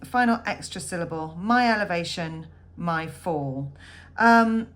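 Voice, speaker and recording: A woman teaching a poetry lesson, counting syllables aloud in a measured way with frequent ums. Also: medium pitch, a bit bright. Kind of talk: poetry lesson, annotating a text.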